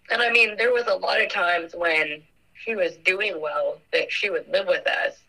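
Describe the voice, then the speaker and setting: Interviewee: young woman, bright tone, earnest and halting, lots of fillers. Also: on the low side, creaky, poor audio. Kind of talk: personal recollection.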